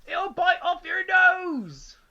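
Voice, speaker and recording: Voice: extremely high pitch, takes it slowly, lo-fi sound, a crowd in the background, pitched above the performer's own voice, heavily acted. A reader voicing a mean old husband in a storybook read-aloud, teasing in a mock-scary way.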